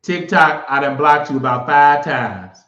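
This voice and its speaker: The livestream host here is a man whose voice is a little high and sharp-toned, and he takes his time. He mocks viewers and tells stories in a casual, blunt manner, captured in echoey, slightly dull sound.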